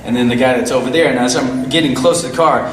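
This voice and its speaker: A man telling a story on a stream in a lively way, laughing and acting out what people said. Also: medium pitch, fast talker. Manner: animated, laughing, acting out quotes. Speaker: guest. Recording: roomy, distant mic, faint noise.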